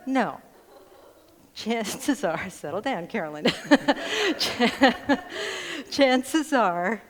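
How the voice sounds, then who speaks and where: Woman minister, middle pitch, chatty and humorous, laughing often; sermon to a congregation in a large echoing hall. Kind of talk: conversational sermon. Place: spiritual center sanctuary before a congregation. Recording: long hall reverb in a large room.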